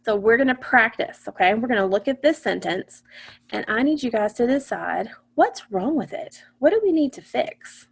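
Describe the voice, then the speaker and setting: A woman gives an online phonics lesson over a computer mic. Her voice sits a little high, with a gravelly edge of fry. She talks patiently, asks the class questions and answers them herself. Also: expressive, normal speed. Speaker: teacher.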